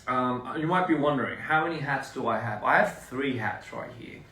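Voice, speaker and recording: Young man, casual livestream chat, halting with fillers, echoey room, mic set back, faint hiss. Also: medium pitch. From Australia. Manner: relaxed, halting, many fillers and restarts. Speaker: livestream host. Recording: roomy echo, distant mic, faint noise.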